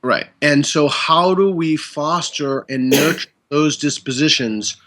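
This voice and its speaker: A man's voice: fairly high pitch, slow, fairly bright tone. A man who is the guest in a conversational interview. He explains ideas through examples and interrupts his own train of thought.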